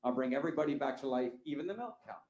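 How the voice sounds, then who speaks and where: A man's voice: medium pitch, expressive, very fast, darkish tone, reverberant, highs cut off, lightly acted. A man voicing a sly female leprechaun who bargains, in a joke. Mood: bargaining. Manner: wheeling and dealing.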